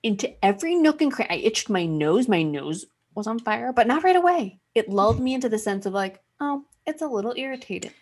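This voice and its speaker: Husky woman telling a story, animated. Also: medium pitch, brisk, few pauses. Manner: animated, swears freely, acts out her own past remarks. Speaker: podcast host. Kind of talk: casual storytelling chat.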